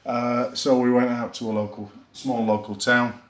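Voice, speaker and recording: A man's voice: medium pitch, level tone, moderate pace, a bit bright. A man with a Yorkshire accent giving a chatty, rambling, self-deprecating beer review on his vlog, with plenty of fillers. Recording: echoey room.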